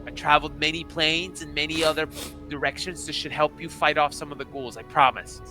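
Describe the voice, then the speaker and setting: A man voicing an excitable, eccentric tiny male kobold king with shrill exclamations. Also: fairly quick, over music, close to an everyday voice. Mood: earnest.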